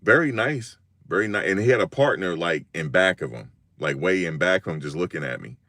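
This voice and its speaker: Speaking quickly in a low-pitched voice, a live streamer from Virginia spins an animated, slangy story and performs other people's quotes. The recording is clean studio sound with no echo.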